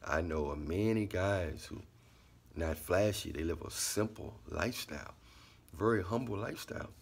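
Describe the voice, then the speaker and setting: Man, low husky voice, relaxed repetitive monologue. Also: moderate pace. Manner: laid-back, repetitive, drops into quiet asides. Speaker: vlogger giving life commentary. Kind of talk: casual monologue.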